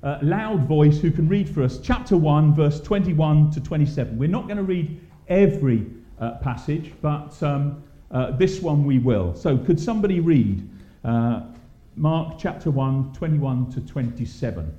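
A man's voice: fairly high pitch, animated, measured pace, warm tone. A man leading an interactive Bible study in a church hall, questioning the group with many ums and restarts. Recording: echoey, muffled church hall.

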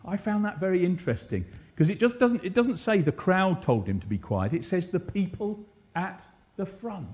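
Lively high-voiced male preacher. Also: normal speed. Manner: animated, asks the congregation questions, rhetorical repetition. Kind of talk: sermon. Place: church.

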